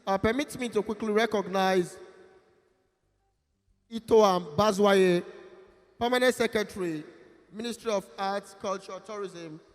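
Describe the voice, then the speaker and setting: A Nigerian man hosts a ceremony with loud, playful announcing and pidgin banter. His voice sits high for a man. It rings out with a long reverb, as in a large hall. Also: moderate pace. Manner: lively, joking, loud announcing. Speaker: master of ceremonies. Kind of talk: event emceeing with comic pidgin banter.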